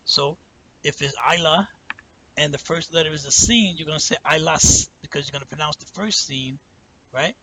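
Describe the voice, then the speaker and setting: A man teaching a language lesson, explaining step by step, drawing out example words slowly and checking in with "right?" as he goes. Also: on the high side, bright, forceful tone, slight background noise, poor audio. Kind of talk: patient spoken lesson.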